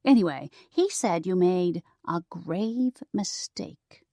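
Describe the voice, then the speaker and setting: A woman voicing a playful, chatty old grandmother ghost in an audiobook, slow and dry. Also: on the low side, lively intonation, dark tone, no room sound. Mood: teasing. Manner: chatty, dramatic, stretches out the big moment. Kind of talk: audiobook character voice.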